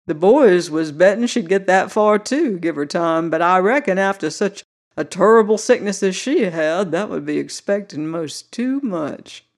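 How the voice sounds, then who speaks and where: A reader doing a deadpan teasing young cowboy. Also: medium pitch, unhurried. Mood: mock concern. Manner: gentle, solicitous, deadpan teasing. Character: young Southern cowboy, twenty-four, teasing with mock gravity. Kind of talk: audiobook character voice.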